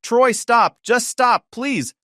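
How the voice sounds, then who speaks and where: A woman's voice: low-pitched, sing-song, brisk, dry recording, voice pushed up. A man voicing a young wife who pleads and panics, in a dry, close recording. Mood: screaming. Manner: pleading, sobbing. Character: wife, young adult woman, pleading and hysterical.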